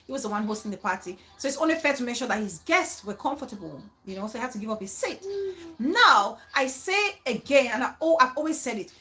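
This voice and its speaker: A woman hosting a casual, animated reaction chat about a reality show, acting out other people's words. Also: on the high side, rough recording. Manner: animated, dramatic, quotes others in mock voices.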